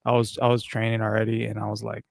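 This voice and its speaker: Animated, profane man telling street stories. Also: on the low side, quick pace, creaky, no room sound, studio quality. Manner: animated, profane storyteller, swings loud and soft. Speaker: podcast co-host. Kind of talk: casual chat.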